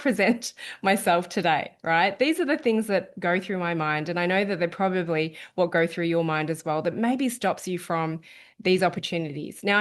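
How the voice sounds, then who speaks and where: A woman coach talking casually to an online audience, chatty, often checking in with "okay?". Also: fairly low pitch. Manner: chatty, frequent "okay?", lively quoting of herself. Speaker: wellness coach presenting an online event.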